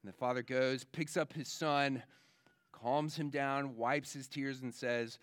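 A man preaching a children's sermon as pastor, telling stories in a lively, chatty way with many fillers. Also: medium pitch, unhurried, smooth, no room sound, clean studio sound. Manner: animated storytelling, many fillers.

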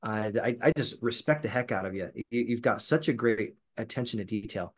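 A man's voice: lowish voice, fairly quick. A man hosting a podcast, asking his guest questions in an enthusiastic, admiring way. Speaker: podcast host. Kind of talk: interview chat.

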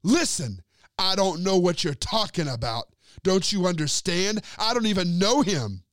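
A man voicing a frightened man who flatly denies knowing someone, retold during a sermon. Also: high-pitched, unhurried, no room sound, studio quality. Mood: adamant. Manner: flat, adamant denial.

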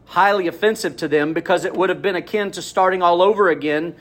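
Male pastor, slightly high voice, conversational sermon storyteller with asides to the room. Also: fast.

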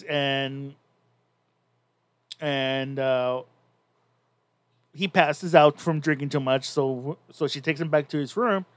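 Here the podcast co-host is a man whose voice sits a little high, retelling a story in casual chat and often starting sentences over as he wanders. There's no room around the sound; it's dry and close.

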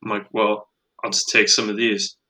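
A man rants on a casual podcast, swearing freely as he tells an exasperated story. His voice is bright and forceful. He talks loosely, with restarts and fillers. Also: on the low side, level tone, moderate pace, rough recording. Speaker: podcast host.

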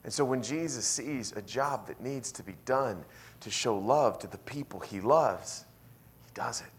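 A male pastor delivering a sermon in a church. His voice sits in an ordinary middle register, and he tells stories with lively energy, dropping to near-whispers and then rising to emphatic, raised lines. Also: medium pitch, a little slow. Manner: animated storytelling, swings from hushed to loud.

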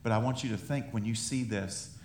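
A man preaching a sermon, animated and emphatic, with laughing asides and loud rising peaks. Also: lowish voice, a little fast, a little hiss or hum. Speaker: pastor. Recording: echoey room.

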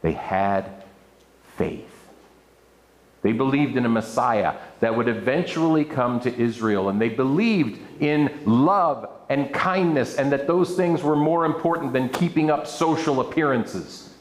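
Man, pastor, sermon, expressive preaching, lively pitch, echoey room. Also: a little slow. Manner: expressive preaching with scripture reading and playful asides. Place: church room with an audience.

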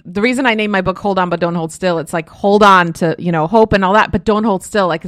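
A woman author guesting on a call-in radio show, talking effusively and warmly to callers with lots of "like" and "literally.". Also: medium pitch, no echo, studio quality. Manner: gushing, effusive, many fillers like "like" and "literally". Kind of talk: radio interview, advice to callers.

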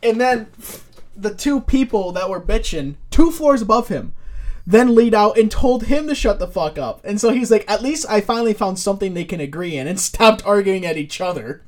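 A high-voiced man telling profane stories. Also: animated, brisk. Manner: loose, profane storytelling. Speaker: podcast co-host. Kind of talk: casual podcast chat. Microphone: podcast microphone.

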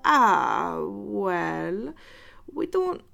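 A woman's voice: mid-range voice, big pitch swings, extremely slow, creaky, sharp tone, soft background music, exaggerated voice. A woman voicing a friendly young village man with a Scottish accent, polite and a bit awkward.

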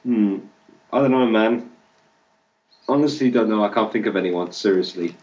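A laid-back man co-hosts a casual podcast, hesitating as he thinks aloud. His voice sits low. He sounds distant from the mic on dull lo-fi audio. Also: normal speed, a little mellow. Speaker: podcast co-host.

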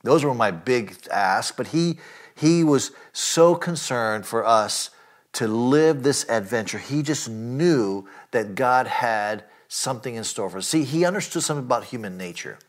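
A man preaching a sermon, earnest and emphatic, often asking his listeners direct questions and filling pauses with "uh" and "you know". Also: medium pitch, expressive. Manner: earnest preaching with rising emphatic lines and frequent fillers. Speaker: pastor.

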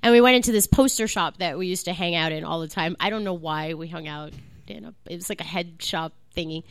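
A woman's voice: on the low side, fast talker, clear, resonant tone, dry recording. A woman comedian telling a story as a guest on a live comedy podcast. She is bubbly, laughs often and fills her talk with "like". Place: live comedy club stage.

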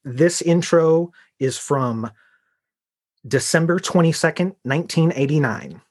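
A man from Chicago co-hosting a podcast, easygoing and quick to laugh as he introduces segments. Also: on the high side. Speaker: podcast co-host, bartender. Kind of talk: casual chat and segment intro.

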